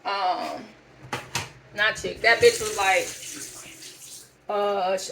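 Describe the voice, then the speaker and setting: A woman's voice: medium pitch, normal speed, a bit bright, a little hiss or hum, rough recording. A young woman telling a story as a casual rant, blunt, profane and exasperated. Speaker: vlogger.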